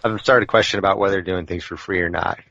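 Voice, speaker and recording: Male podcast co-host, low bright voice, reflective chatter, dry sound. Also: fairly even intonation, quick pace, vocal fry, no echo, muffled recording. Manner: reflective, short back-channel replies. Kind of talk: casual podcast chat.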